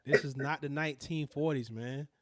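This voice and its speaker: A man's voice: medium pitch, normal speed. A man co-hosting a podcast, talking in a laid-back, slangy way about fighting and family. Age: adult father. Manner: laid-back, slangy, uses extended metaphors. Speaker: podcast co-host. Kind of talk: casual chat.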